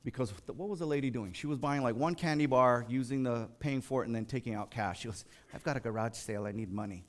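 An American lay preacher delivers a sermon conversationally at a quick pace, telling stories along the way. He plays the characters in them, leaping from a hushed, low voice to a high, fired-up one.

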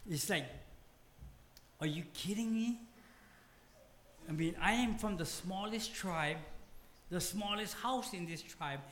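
A man's voice: sits high, a little slow, a bit bright. Male pastor, Hawaiian Pidgin accent, light voice, emphatic storyteller, echoey room with a faint hum. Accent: Hawaiian Pidgin English. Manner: humorous, self-deprecating, emphatic storytelling. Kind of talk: sermon. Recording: roomy hall with faint ambience.

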